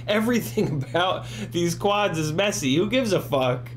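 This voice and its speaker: A man's voice: a little high, animated, measured pace, few pauses, soft background music. A man in his forties, tipsy and rambling, hosting a casual livestream chat with profane rants and frequent laughter. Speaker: FPV drone livestream host.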